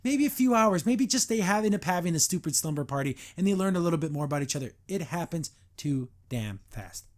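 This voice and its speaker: Animated man reviewing a cartoon episode. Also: high-pitched, rapid-fire. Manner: animated, digressive, mock-exasperated. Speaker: podcast host.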